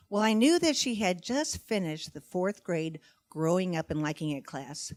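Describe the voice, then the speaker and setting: A middle-aged woman performing stand-up comedy, telling stories about motherhood in an animated, self-mocking, conversational way. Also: fairly low pitch, normal speed, hardly any pauses, no room sound. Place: stage before a live audience.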